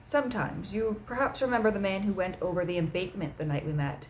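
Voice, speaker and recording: A woman voicing a calm, measured man who leads a secret society, speaking gently and matter-of-fact in an audiobook reading. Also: medium pitch, slight background noise, natural voice, poor audio.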